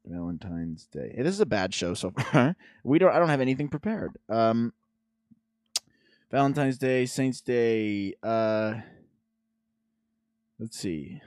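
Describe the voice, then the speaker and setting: Male podcast host, sarcastic ranter, animated pitch, dry sound. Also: slow, pauses often, no room sound. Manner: sarcastic, ranting. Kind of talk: casual chat.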